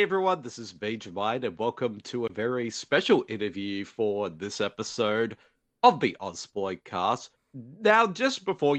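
A man hosts a podcast in an easy, chatty way and laughs often. His pitch swings widely as he talks, and his voice sits dry and close to the mic with no room sound. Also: a bit bright, no echo. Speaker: podcast host. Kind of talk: casual podcast chat.

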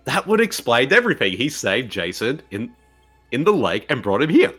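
A man co-hosting a casual movie podcast, jokey and quick to laugh. His voice is bright and lively in pitch, moving up and down a lot. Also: breathy edge, soft background music. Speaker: podcast co-host.

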